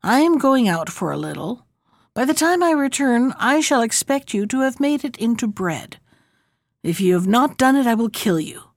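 A cruel old witch full of spite, as a woman reading a storybook puts her on, snapping out threats. The voice sits fairly high and sounds dry and close. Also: big pitch swings, normal speed, dry recording. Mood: threatening. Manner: menacing, threatening.

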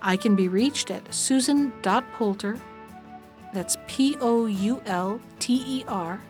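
A woman hosting a storytelling show, reading a fairy tale aloud in a gentle, even way and closing with listener notes. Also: on the high side, slow pace, soft background music. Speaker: storyteller and podcast host.

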